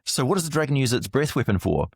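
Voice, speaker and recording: A man's voice: mid-range voice, very animated, fast talker, husky, no room sound, clean studio sound. A man guesting on a podcast as a lore expert, explaining enthusiastically and vividly. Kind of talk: casual interview chat.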